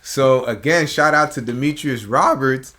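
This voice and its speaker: A man's voice: medium pitch, a little slow. A man, a comedian guest on a podcast, telling stories casually in a studio and acting out what people said. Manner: animated storyteller acting out quotes. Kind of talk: casual storytelling chat.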